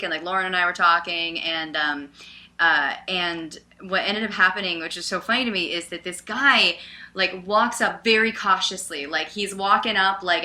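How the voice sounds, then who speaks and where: An animated woman tells a story on a casual podcast. She talks loudly and leans on lots of "like"s and "um"s. Her voice is bright and forceful. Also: on the low side. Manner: animated, loud, many fillers like "like" and "um". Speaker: podcast co-host.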